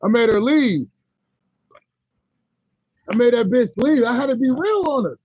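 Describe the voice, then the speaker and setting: A man with a strikingly high-pitched voice talks bluntly and rambles in casual slang, addressing his livestream viewers. The sound is dry and a little dull, close to the mic. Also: expressive, measured pace, dry recording. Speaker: livestream host.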